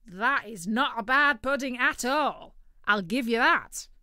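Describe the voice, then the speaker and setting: A greedy, boastful male turkey who is never full, loud and cheeky, as a woman reader puts him on. His voice sits high and bright. The sound is close and dry, a storybook read aloud. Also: animated, measured pace, clean tone, dry recording. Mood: brash. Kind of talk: storybook character reading.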